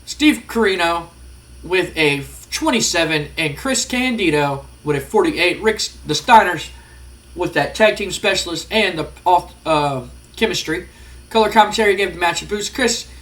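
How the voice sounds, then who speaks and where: A man's voice: high-pitched, lively intonation, moderate pace, fairly bright tone. Casual man rambling over a game. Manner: rambling, casual, many fillers. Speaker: gaming channel host. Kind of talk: let's-play commentary.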